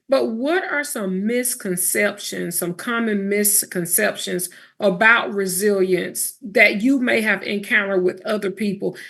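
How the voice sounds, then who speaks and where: A woman's voice: mid-range voice, a bit bright. A woman hosting an interview, affirming her guest often with murmured agreement. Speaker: podcast host.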